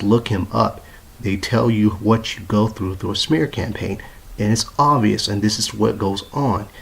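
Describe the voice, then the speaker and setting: A man records himself on his phone in an apartment bedroom. He airs a grievance to his viewers in a repetitive way and swears freely. His voice is low and husky. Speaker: vlogger. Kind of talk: ranting phone video to viewers. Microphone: handheld phone.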